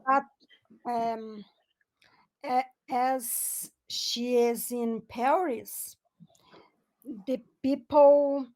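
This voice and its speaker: A woman's voice: a little high, fairly even intonation, very slow, long pauses, a little mellow. A woman with a Brazilian Portuguese accent practicing English on a video call, hesitant, with many fillers and small laughs. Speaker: English learner. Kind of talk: casual online lesson chat.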